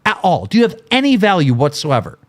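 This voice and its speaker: A man's voice: sits high, sing-song, fast. A middle-aged man hosting a livestream, ranting in an angry, mocking, profane way. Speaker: livestream host.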